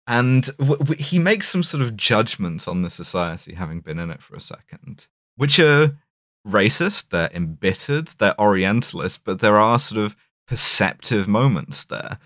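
A man's voice: fairly low pitch, lively intonation, moderate pace, a bit bright, no room sound, studio quality. A man co-hosting a podcast, rambling through a film discussion with many fillers and restarts. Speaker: podcast co-host.

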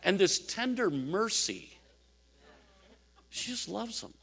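An older man preaching a sermon, telling animated stories with laughs and asides. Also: high voice, takes it slowly, vocal fry. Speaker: pastor.

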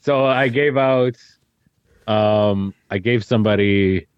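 A man co-hosting a podcast, easygoing and quick to laugh while telling stories. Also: on the low side, clean tone, no room sound, dull audio. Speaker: podcast co-host. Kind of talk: casual chat.

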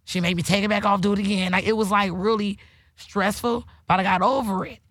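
A woman's voice: mid-range voice, steady tone, brisk, a bit bright, no room sound. Candid woman podcast host, dry mic. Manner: emotional, preachy, heavy swearing. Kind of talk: candid casual podcast talk.

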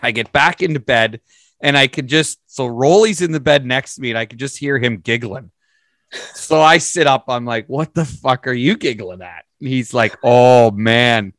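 A man telling a long, profane story in a casual, animated way. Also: medium pitch, dry recording.

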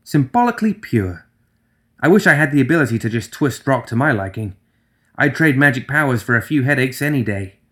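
A man's voice: animated, brisk, a bit bright, close to an everyday voice. A man reading a storybook, voicing a chatty, nervous young woman writer with a mouse-like voice. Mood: nervous, eager. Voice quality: mouse-like, high voice. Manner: eager, nervous rambling.

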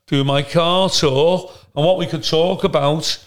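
A man's voice: a little high, steady tone, unhurried. A man from the United Kingdom hosting a casual podcast chat, a blunt storyteller who swears freely. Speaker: comedian and podcast host.

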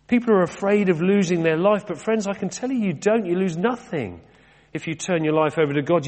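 A high-pitched, darkish male voice with a British accent delivers a sermon in church, carried on long reverb. The middle-aged vicar talks chattily, mixing rhetorical questions with dry asides about himself.

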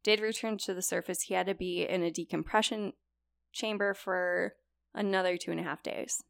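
A woman's voice: lowish voice, fairly even intonation, normal speed, vocal fry, fairly bright tone, no echo, clean studio sound. A young woman casually telling a true story on a podcast, chatty and full of likes and you-knows.

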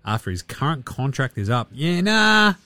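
A man's voice: medium pitch, sing-song, moderate pace, sharp tone, dry recording, soft background music. A man hosting a casual sports podcast, swearing freely and mocking players with sarcastic impressions. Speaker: podcast host.

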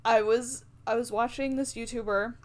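A woman's voice: fairly high pitch, fairly even intonation, moderate pace, a little mellow, a little hiss or hum. A young woman co-hosting a podcast, chatting casually with rambling, giggly asides. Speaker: podcast co-host. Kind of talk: casual chat.

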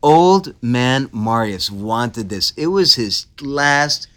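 A man hosts a history podcast, narrating with animated energy and easy humor. His voice is bright and sharp-edged, at an ordinary male pitch. He keeps it conversational, joking along with his co-host. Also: slow pace, clean tone. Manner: animated, laughs easily, playful asides. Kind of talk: casual history podcast storytelling.

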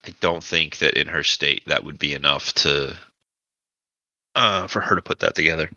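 Male game master, very low voice, bright forceful edge, lo-fi dry sound. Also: dry recording. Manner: relaxed, halting with fillers. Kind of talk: narrating a tabletop role-playing game.

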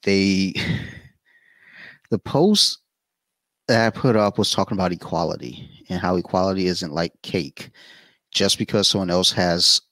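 A man chatting casually as a podcast guest, telling blunt, profane stories with animated quoted asides. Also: low-pitched, measured pace, long pauses, dry recording. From Saudi Arabia.

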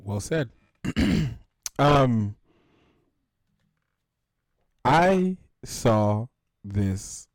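A man hosting a casual podcast, talking in a playful, teasing way and breaking in loudly over his co-host. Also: mid-range voice, animated, extremely slow, dry recording, clean studio sound. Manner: playful, teasing, bursts of loud interruption.

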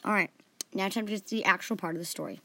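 A woman's voice: medium pitch, racing, bright, forceful tone. A woman hosting a story podcast, narrating in first person with playful asides.

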